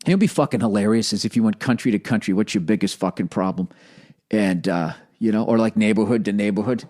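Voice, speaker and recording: A man's voice: fairly low pitch, fairly quick. Profane ranting man in his forties. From United States. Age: 40s. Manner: profane, animated ranting, self-mocking. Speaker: podcast host. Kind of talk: comedic monologue rant.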